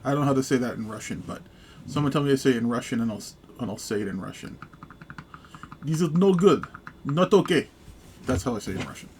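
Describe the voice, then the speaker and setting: Racing along in a mid-range voice, a man at a workbench walks viewers through a hands-on gun repair, casual and hesitant with plenty of ums and small jokes. A faint hum lies beneath his voice in this relaxed how-to demonstration.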